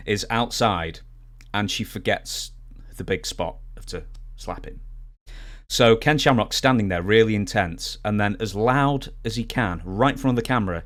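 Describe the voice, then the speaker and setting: A man hosting an interview, chatty and lively when he retells a story. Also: fairly low pitch. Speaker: interviewer, host. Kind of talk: casual interview.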